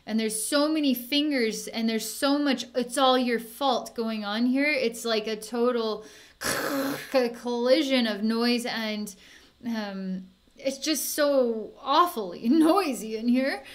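A woman working as a psychic healer, talking softly and soothingly through an energy healing session, with sighs and small laughs. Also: a little high, slow pace.

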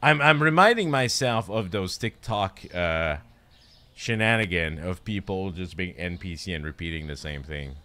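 A man's voice: sits low, animated, normal speed, sharp tone. A young man streaming a shop game, playfully playing a polite cashier who greets and thanks each customer. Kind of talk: casual game commentary.

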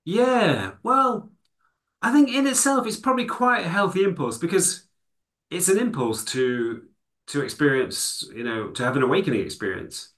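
A man's voice: on the high side, sing-song, moderate pace, fairly bright tone. A man from England, a guest in an interview, explaining his ideas in a thoughtful, conversational way with frequent "you know" fillers. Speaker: guest, psychology lecturer and author.

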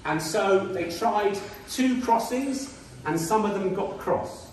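A man's voice: high voice, takes it slowly, a little mellow, a little hiss or hum. A man giving an informal history talk with slides to a school audience, chatty with indignant asides and many ums. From Britain. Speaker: guest speaker. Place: school hall. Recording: echoey hall, distant mic.

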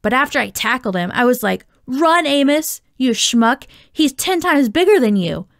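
Woman reading as a calm bold boy, slangy, laid-back, storybook, slightly gravelly. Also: sits high, normal speed, no room sound, clean studio sound, voice pushed up. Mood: boyish swagger. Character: bold, calm boy who enjoys a fight.

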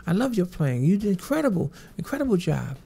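A man imitating an excited, grateful male pop star, his voice lifted high and gushing. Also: a little fast, gravelly, slightly rough, full character voice. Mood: excited, affectionate.

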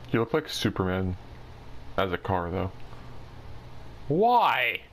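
A man's voice: deep voice, slight background noise. A man hosting a casual gaming video, swearing freely and laughing often as he plays.

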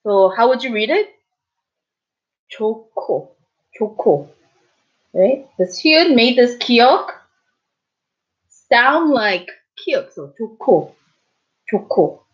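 A woman in her thirties teaches in a casual, patient way, saying each word slowly and more than once. Her voice sits a little high. The audio is dull and muffled, like a cheap recording. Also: big pitch swings. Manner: patient, repeats words slowly, checks in with "okay? right?". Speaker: Korean language teacher. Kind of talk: casual spoken lesson.

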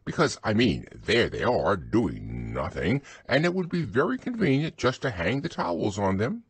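A man voicing a fussy, bossy male rabbit in a storybook reading, with a husky voice and stern, chattering talk. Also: sing-song, moderate pace, no echo, full character voice. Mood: cheerful. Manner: stern, chattering, raised pitch.

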